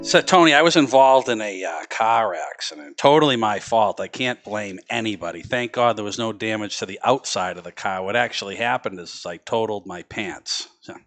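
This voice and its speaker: Man, stand-up comic, punchy one-liners, bright tense tone. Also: lowish voice, moderate pace, hardly any pauses, no room sound, soft background music. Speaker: stand-up comedian. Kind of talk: stand-up comedy duel.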